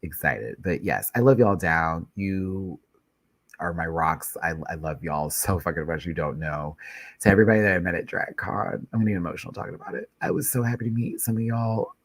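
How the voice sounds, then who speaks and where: A man's voice: low voice, fairly quick, no echo. A man hosting a live YouTube stream in a loose, chatty way, stuffy with a head cold and swearing freely as he rambles. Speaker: YouTube recap host. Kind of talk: casual live-stream chat.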